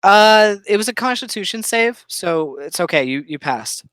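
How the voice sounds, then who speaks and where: A game master running a tabletop game over a call, easygoing and quick to laugh. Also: mid-range voice, lively intonation, a bit bright, no room sound.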